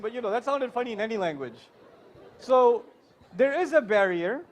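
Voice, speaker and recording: A man with a very high voice gives a humorous conference lecture. He is animated and jokes with the audience as he talks to them directly. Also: normal speed, some chatter behind, a little hiss or hum. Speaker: conference speaker.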